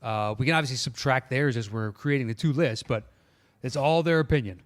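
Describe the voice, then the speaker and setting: A man's voice: medium pitch, fairly quick. A man co-hosting a casual podcast, reading listener lists aloud in a laid-back way. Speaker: podcast co-host. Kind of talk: casual chat.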